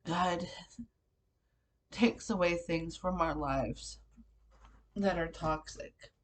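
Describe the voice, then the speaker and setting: A woman talks through tears in a slow, low-pitched voice, hosting her faith vlog from home. She is emotional and sometimes sinks to a soft whisper. She sits away from the mic, so her voice sounds distant. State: crying. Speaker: vlogger. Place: bedroom at home.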